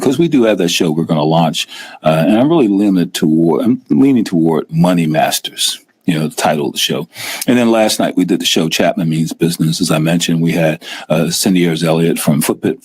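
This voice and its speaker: Middle-aged male host, low husky voice, lively chatty delivery. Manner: animated, acts out scared investors in a raised voice. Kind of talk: casual live-stream talk.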